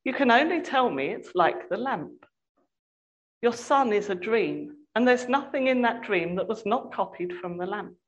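A woman voicing a soft-spoken, coaxing enchantress queen in a hushed, cooing tone. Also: medium pitch, lively intonation, measured pace, lo-fi sound, close to an everyday voice. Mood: soothing scornful.

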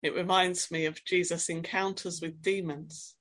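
Woman preacher, lowish voice, reflective sermon delivery, asks gentle questions, reads scripture dramatically. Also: flat delivery, normal speed.

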